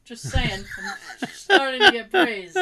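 A woman's voice: sits high, a little slow, a crowd in the background. A woman chatting casually and telling work stories, acting out what her coworkers said. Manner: animated, acts out coworkers' lines. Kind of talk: casual chat, storytelling.

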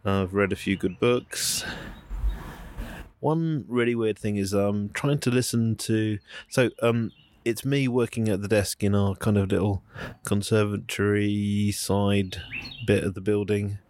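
A man's voice: fairly low pitch, slight background noise. A man, recording a casual outdoor audio diary, rambling with lots of fillers and asides. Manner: rambling, relaxed, many fillers. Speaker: podcaster. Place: outdoors at home, near a street. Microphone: handheld recorder on the move.

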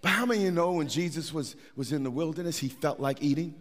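Quick-paced and a little high, a middle-aged man's voice carries a sermon through a church sanctuary's long hall reverb. He is a pastor speaking conversationally, with repeated words and restarts.

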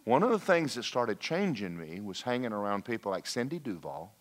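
A man preaching a lively sermon, folksy and animated, slipping into mock voices and asides to the congregation. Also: lowish voice, a little fast. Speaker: pastor.

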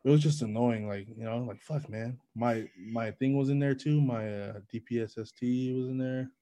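A young man in casual chat, telling a story in animated, profanity-laced slang. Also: mid-range voice, normal speed, low-quality recording.

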